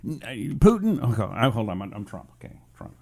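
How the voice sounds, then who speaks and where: Gravelly-voiced talk radio host. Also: male voice, fairly low pitch, sing-song, fairly quick, a little mellow. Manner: rambling, self-mocking, reads listener comments aloud. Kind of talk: casual political talk radio.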